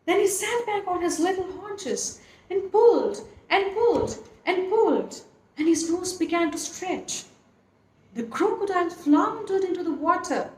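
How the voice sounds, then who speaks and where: A woman reading a classic animal story aloud, with an expressive, lilting storyteller's manner. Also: extremely high pitch. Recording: echoey room, faint noise.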